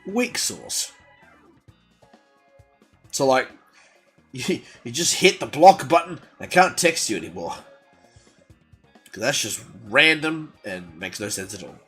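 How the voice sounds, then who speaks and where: Animated, jokey male gaming streamer. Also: mid-range voice, measured pace, pauses often, breathy edge, faint music behind. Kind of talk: casual livestream chat while gaming.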